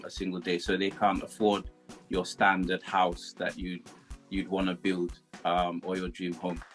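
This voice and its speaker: Calm British-accented man, flat delivery. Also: low-pitched. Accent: British English. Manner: calm, measured explaining. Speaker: guest. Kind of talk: casual interview.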